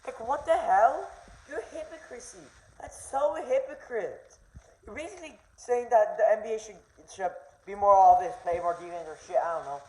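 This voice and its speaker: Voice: mid-range voice, lively intonation, normal speed. A young vlogger ranting casually, rambling and stumbling over words as the argument heats up. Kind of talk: casual rant. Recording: roomy echo, faint noise.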